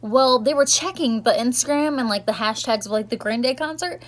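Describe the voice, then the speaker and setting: A woman's voice: on the high side, fairly quick. Chatty young woman vlogging. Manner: chatty, rambling, lots of "like" and "um". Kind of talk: casual chat recapping the year.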